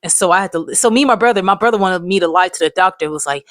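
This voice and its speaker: Casual storytime host in their twenties, slangy and profane, at a middle pitch with no room sound. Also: fast, fairly bright tone, dry recording. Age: 20s. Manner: rambling, profane, loose slangy talk. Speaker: vlogger telling life stories.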